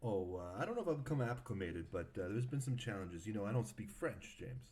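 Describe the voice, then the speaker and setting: An earnest man with a deep, low voice rambles through his answers with a dim tough-guy manner. He talks in loose, halting sentences full of filler. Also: expressive, a little mellow, slight background noise. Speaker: guest. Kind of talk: comedic interview chat. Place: metro station underground, by his own account.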